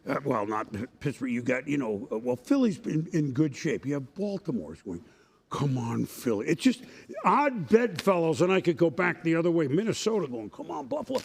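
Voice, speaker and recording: A man hosting a sports studio show, chatting about the week's games and leading into the highlights. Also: sing-song, brisk, creaky, few pauses. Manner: conversational, leads the segment and throws to highlights. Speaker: studio host.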